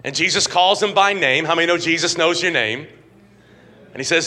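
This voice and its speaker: A middle-aged male pastor with a high, bright, ringing voice delivers an emphatic sermon. He swings from quiet asides to loud, shouted climaxes, repeats words as he builds, and keeps calling on the congregation. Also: brisk.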